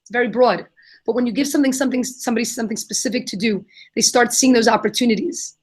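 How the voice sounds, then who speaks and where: A young adult woman answering questions in a live Q&A, telling an animated story and acting out the voices of the people in it. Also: a little high, fast talker, breathy edge. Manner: animated, acts out quoted voices. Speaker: guest, kindness nonprofit founder.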